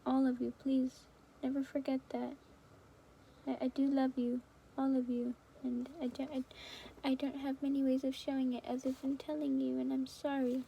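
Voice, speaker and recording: A woman's voice: high voice, monotone, normal speed, vocal fry, mellow, a little hiss or hum. A young woman rambling and giggling affectionately as she chats casually to her viewers at home. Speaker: fan video creator.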